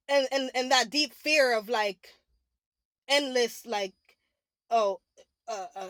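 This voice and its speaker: High-voiced woman rambling confessionally. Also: no room sound. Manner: rambling, heavy use of "like", restarts; emotional and candid. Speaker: spiritual vlogger. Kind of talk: confessional monologue.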